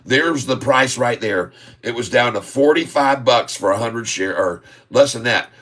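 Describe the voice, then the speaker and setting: Excitable man calling live stock charts. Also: medium pitch, unhurried. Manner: excitable, hypes moves, calls viewers folks. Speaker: stock market channel host.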